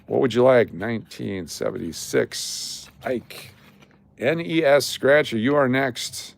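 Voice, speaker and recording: Man, livestream host, chatty, repeats names, casual giveaway talk, American. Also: medium pitch. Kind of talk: casual live stream chat.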